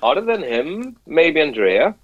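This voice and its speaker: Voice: mid-range voice, sing-song, a little slow, no room sound, lo-fi sound. A guest in a group chat answering hesitantly and sheepishly. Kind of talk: casual group chat over video call.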